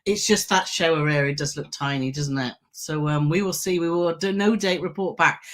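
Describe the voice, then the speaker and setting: A woman's voice: sits low, normal speed, fairly bright tone. A woman co-hosting a travel live stream, chatting casually and greeting viewers by name as she reads their comments.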